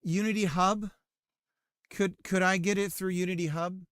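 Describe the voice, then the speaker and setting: A man's voice: high voice, steady tone, normal speed, a bit bright, clean tone, no echo, clean studio sound. A man streaming live while working on his game, chatting casually and teasing his viewers. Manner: joking, teasing his chat.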